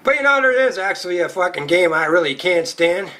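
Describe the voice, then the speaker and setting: Delivering a raunchy, foul-mouthed comedy set, this man spins his stories rowdily. He speaks high, bright and sharp, sounding animated and fairly quick.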